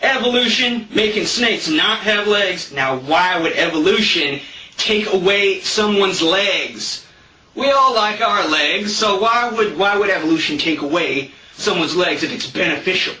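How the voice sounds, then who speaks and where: A man delivering a deadpan satirical monologue in character as a preacher, rambling, repeating himself and leaning on "you know" fillers. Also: high-pitched, unhurried, reverberant, distant mic, poor audio.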